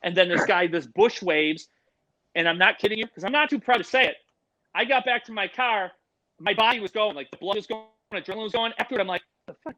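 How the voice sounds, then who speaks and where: A middle-aged man, telling animated stories on a podcast, swearing freely and acting out the other people's voices. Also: sits high, fast talker, muffled recording. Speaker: podcast guest, animal educator. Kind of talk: casual storytelling.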